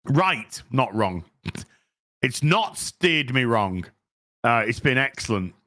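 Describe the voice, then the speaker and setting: A man hosting a casual livestream, reading viewer donations and answering them in an animated, profane and boastful way. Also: mid-range voice, slow pace, no room sound, studio quality. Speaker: streamer host.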